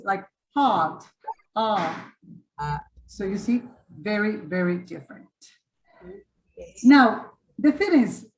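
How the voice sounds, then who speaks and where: A woman's voice: mid-range voice, echoey room. Woman teaching English vowels. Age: 50s. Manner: patient, demonstrative, repeats and models vowel sounds slowly. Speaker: English teacher hosting a webinar. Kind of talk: online teaching webinar. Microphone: video call. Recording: lo-fi video call audio.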